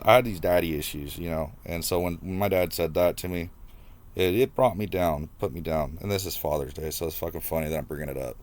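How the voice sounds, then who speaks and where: A young man talking to the camera about his past, casual and halting, stopping and restarting as he reflects. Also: low-pitched, darkish tone, a little hiss or hum. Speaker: vlogger. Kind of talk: personal storytelling to camera.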